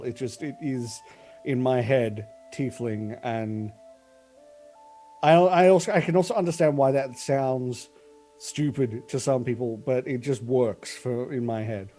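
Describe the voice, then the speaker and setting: A man's voice: medium pitch, mellow. A man playing in a tabletop game, talking casually, hesitant and searching for words. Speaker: player.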